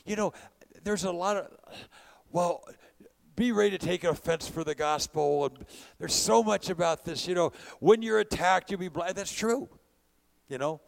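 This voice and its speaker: A man's voice: high voice, normal speed, vocal fry. Impassioned male preacher. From California. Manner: preaching with rising bursts of volume; conversational storytelling. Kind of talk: sermon.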